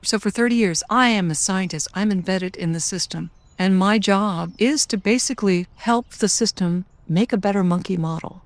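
A woman's voice: medium pitch, moderate pace, hardly any pauses, dry recording. A woman scientist telling her story frankly in a documentary interview.

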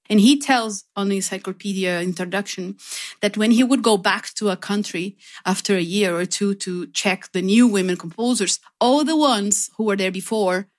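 Emotional woman telling stories in an interview. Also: mid-range voice. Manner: emotional, animated storytelling. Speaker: guest. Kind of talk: radio interview.

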